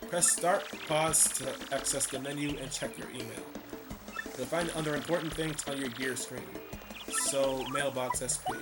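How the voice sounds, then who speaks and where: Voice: medium pitch, fairly even intonation, normal speed. A person casually commentating on a video game playthrough, with wry offhand remarks. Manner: offhand, wry, reads text aloud. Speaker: gameplay commentator. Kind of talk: casual let's-play commentary. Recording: game music playing behind.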